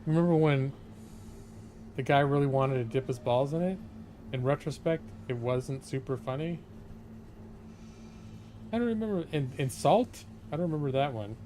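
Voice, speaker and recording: A man's voice: mid-range voice, normal speed, dark tone, slight background noise. A man streaming a video game and chatting in a digressive way, filling his talk with fillers while he retells old comedy sketches. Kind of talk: rambling gameplay commentary on a live stream.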